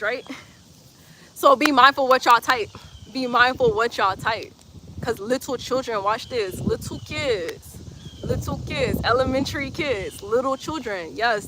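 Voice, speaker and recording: Playful, bright-voiced woman streaming outdoors. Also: sits high, slight background noise. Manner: playful, teasing, laughs often, repeats phrases. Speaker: livestreamer reading chat comments. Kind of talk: casual livestream chat. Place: outdoors in sunlight.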